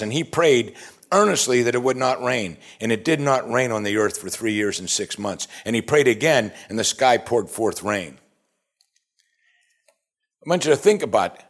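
A man preaching a sermon, animated and asking his listeners one rhetorical question after another. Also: medium pitch, breathy edge. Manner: animated, asks the audience many rhetorical questions. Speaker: pastor.

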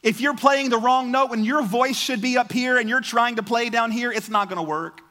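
A man preaching a sermon as a pastor, in a conversational, animated way that often repeats words. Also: very high-pitched, normal speed, long reverb tail.

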